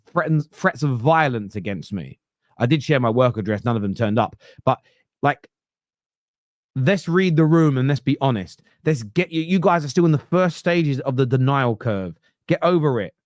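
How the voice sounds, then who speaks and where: Podcast guy on a sarcastic rant, middle pitch, dead dry sound. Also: no room sound. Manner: emphatic, animated, sarcastic. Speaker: podcast host. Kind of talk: opinionated fan podcast rant.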